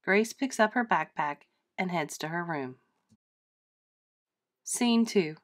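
A woman teacher reading a play aloud for children, with clear, measured narration. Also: fairly low pitch, lively intonation. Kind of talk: classroom read-aloud narration.

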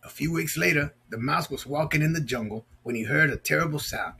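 Gravelly, playful storyteller man. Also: fairly high pitch, a little fast, pushed and bright. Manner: playful, chatty, asks kids questions. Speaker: storyteller reading to children. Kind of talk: storybook read-aloud with asides.

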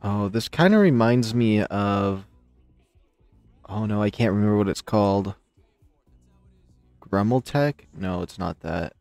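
Rambling excitable man playing a shooter. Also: on the low side, unhurried, long pauses, no room sound, soft background music. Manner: rambling, excitable, laughs at the game. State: recovering from being sick. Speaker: gameplay commentator. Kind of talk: casual let's-play commentary.

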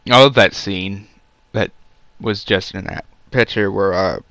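Smooth-voiced sarcastic man reviewing a movie. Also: lowish voice, unhurried, fairly bright tone, no room sound. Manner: sarcastic, rambling, many fillers. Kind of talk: casual off-the-cuff review.

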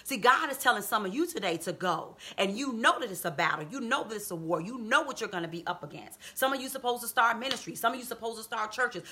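Fiery, bright-voiced woman preacher. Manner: exhorting, rises to high emphatic calls; reads scripture and explains it conversationally. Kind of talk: sermon on a live video stream.

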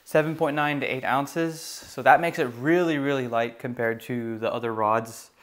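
A young man talks casually about fishing gear, relaxed and rambling, full of "um" and "you know." His voice sits at an ordinary middle pitch, and he perks up when something excites him. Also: normal speed. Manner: relaxed, rambling, many fillers. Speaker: gear reviewer. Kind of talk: casual product review.

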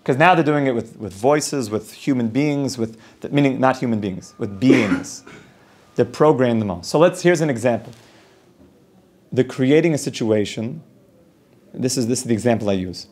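Brief: male rabbi, mid-pitched, teaching an informal class, explains through step-by-step examples. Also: expressive, normal speed, a little mellow, slightly rough. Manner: explanatory, builds points through long spoken examples, frequent restarts. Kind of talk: informal Torah class lecture.

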